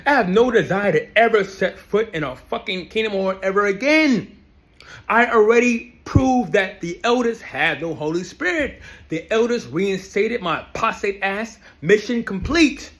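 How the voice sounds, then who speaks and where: A man's voice: sits high, lively intonation, a little slow, fairly bright tone. A young man ranting to camera about his family, angry and profane, repeating himself for emphasis. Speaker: ex-Jehovah's Witness vlogger. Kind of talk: heated personal rant to camera.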